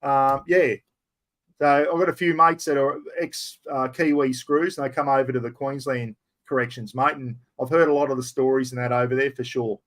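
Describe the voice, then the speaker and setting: A middle-aged Australian man hosting a casual live stream, answering viewer questions in a blunt, rough-spoken, matey way. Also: mid-range voice, steady tone, moderate pace, a bit bright.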